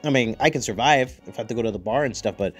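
A man's voice: medium pitch, racing, breathy edge, faint music behind. A man hosting a podcast, chatting casually with a profane, rambling, joking manner. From United States. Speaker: podcast host. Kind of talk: casual chat.

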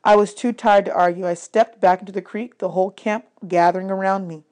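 A woman reading a novel aloud, narrating in a steady, clear storytelling manner. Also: medium pitch, a little fast. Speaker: reader. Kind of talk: audiobook read-aloud narration.

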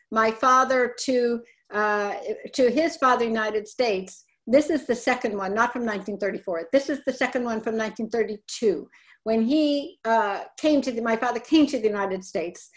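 High-voiced woman giving a webinar talk. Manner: conversational, often correcting herself. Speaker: presenter. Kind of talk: webinar talk on family papers.

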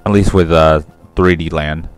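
A man's voice: a bass voice, fairly even intonation, moderate pace, soft background music. A young man doing casual let's-play commentary, rambling, swearing freely and correcting himself mid-sentence. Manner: rambling, profane, self-correcting.

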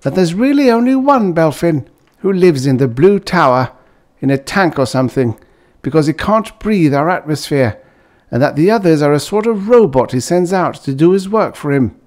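Narrator doing a needling brute of a man, pitched high, animated, audiobook. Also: moderate pace, lightly acted. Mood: insinuating. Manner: insinuating, pushy. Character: burly hairy middle-aged male conspirator, needling.

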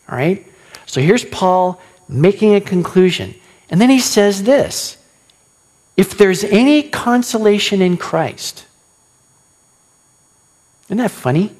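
Animated preacher man, a bit high. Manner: animated preaching, acting out quoted lines, asks the audience many questions. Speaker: pastor. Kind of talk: sermon.

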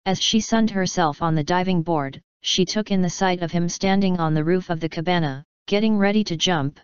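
Audiobook narrator, woman, lower voice, clear and measured. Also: no room sound. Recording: dry, slightly dull studio recording.

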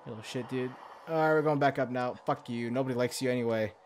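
A man's voice: mid-range voice, quick pace, slight background noise. A young man giving profane, rambling gameplay commentary, muttering to himself and yelping in alarm now and then. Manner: swears a lot, mutters to himself, sudden yelps of alarm. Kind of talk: profane let's-play commentary.

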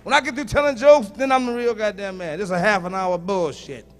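A male stand-up comedian performing a profane set, teasing the audience and shouting punchlines at them. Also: sits high, brisk.

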